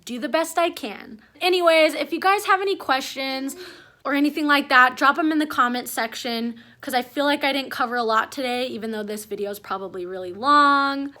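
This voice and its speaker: A young mother talks straight to her camera at home, rambling from one thought to the next. Her voice sits high and sounds bright and clear. She comes across as chatty and openly emotional. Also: fairly quick. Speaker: mom vlogger. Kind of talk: casual chat to camera.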